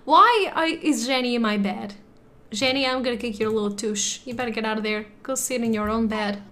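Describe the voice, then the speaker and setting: Giggly high-voiced woman gaming. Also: a little fast, a bit bright. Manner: giggly, chatty, frequently laughing. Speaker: gaming channel host. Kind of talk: casual let's play commentary. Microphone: desktop USB microphone.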